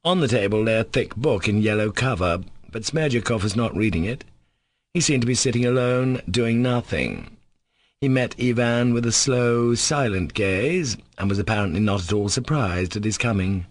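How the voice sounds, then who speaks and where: A man narrating an audiobook in a steady, measured reading voice. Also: on the low side, dry recording. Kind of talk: scripted narration.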